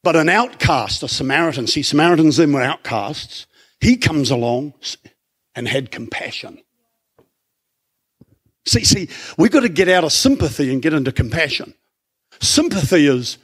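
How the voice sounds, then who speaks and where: A middle-aged Australian man delivers a sermon in a high, expressive voice that leaps up and down. His tone is slightly husky, and his conversational style keeps asking the congregation questions. Faint guitar music plays behind him. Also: moderate pace. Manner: animated, conversational preaching with rhetorical questions. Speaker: pastor. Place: church.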